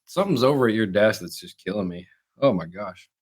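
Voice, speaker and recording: A man's voice: fairly low pitch, lively intonation, brisk, breathy edge. A young man co-hosting a podcast in casual chat, a rambling storyteller talking through a stuffed-up nose. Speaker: podcast co-host.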